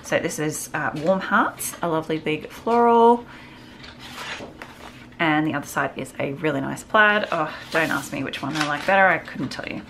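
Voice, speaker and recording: A woman with a low-pitched voice talks through her craft haul in a relaxed, chatty way. She gushes over each piece with small exclamations of delight. A faint hiss sits quietly behind her. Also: moderate pace. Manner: chatty and gushing, frequent little exclamations. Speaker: craft vlogger. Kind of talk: casual show-and-tell haul.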